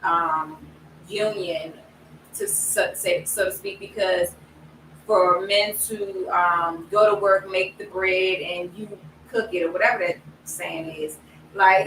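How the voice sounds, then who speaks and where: Bright-voiced woman in a roomy space. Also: mid-range voice, slow. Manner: reflective, acts out her own past outbursts. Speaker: panel guest. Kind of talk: casual group discussion. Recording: roomy, distant mic with faint noise.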